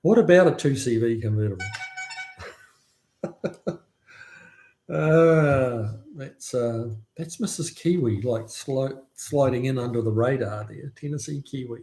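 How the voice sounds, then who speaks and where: A man's voice: mid-range voice, slow, pauses often, warm tone. A man hosting a casual live stream, chatting about classic cars and answering viewers' comments with easy laughs. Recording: roomy echo.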